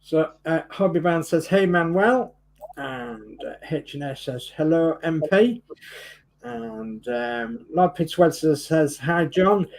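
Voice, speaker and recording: A man's voice: on the high side, lively intonation, slow, poor audio. A man co-hosting a live stream, reading out viewers' greetings in a friendly way. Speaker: livestream co-host.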